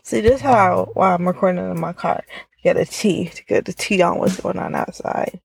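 A woman's voice: fairly low pitch, moderate pace, creaky, slightly rough, dry recording. Chatty woman podcasting from her car. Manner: chatty, lots of filler "like". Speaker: podcast host. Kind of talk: casual solo podcast chat. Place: inside a car.

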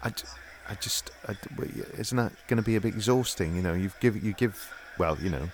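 A man's voice: lowish voice, a little fast, a little hiss or hum. A man, an actor, chatting in improvised comedy, rambling and self-important, full of hesitations.

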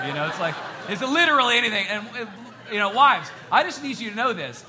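A middle-aged man preaching a sermon as pastor, joking and animated, with loud emphasis and soft asides. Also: high voice, fairly quick, a little hiss or hum.

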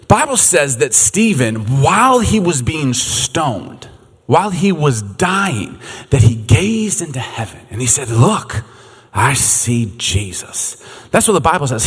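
A man in his thirties, a youth pastor preaching a sermon as an animated storyteller who laughs often. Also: medium pitch, slightly rough. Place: church hall. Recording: echoey hall.

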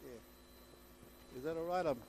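A man preaching a sermon, retelling scripture in an excitable, storytelling way, often repeating and restarting his phrases. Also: high voice, brisk, noisy background.

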